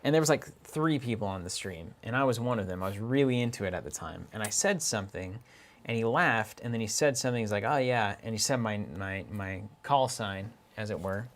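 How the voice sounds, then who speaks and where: A man's voice: on the low side, expressive, brisk. A man co-hosting a card game stream from an office, chatting casually, laughing often and reading viewer comments aloud.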